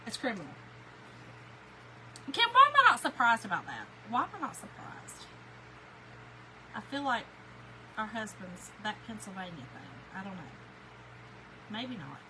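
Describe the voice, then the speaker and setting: Over a very noisy recording, a Kentucky woman in middle age speaks in a sing-song, medium-pitched Southern voice, a little slow and with long pauses. She's hosting a crafting livestream, reading live comments aloud and trading folksy stories with her audience.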